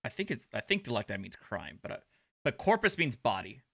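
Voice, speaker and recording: A man's voice: lowish voice, big pitch swings, brisk, creaky, bright, forceful tone, slightly rough, no echo, clean studio sound. A man streaming reaction commentary over court footage, sarcastic and profane, talking back at the clip. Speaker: livestream commentator.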